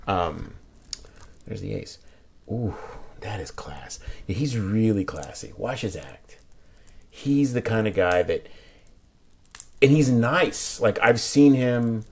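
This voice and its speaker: Low-voiced man rambling through a card review. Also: a little mellow. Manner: rambling, chatty, lots of fillers and restarts; drops to whispers while inspecting cards. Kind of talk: casual unboxing review.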